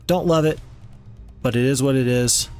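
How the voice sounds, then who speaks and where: A relaxed man talks through a turn-based strategy game in a mid-range voice, rambling and amused at himself. Faint music plays behind him. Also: mid-range voice, normal speed, clear, resonant tone. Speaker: gaming channel host. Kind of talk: let's play commentary.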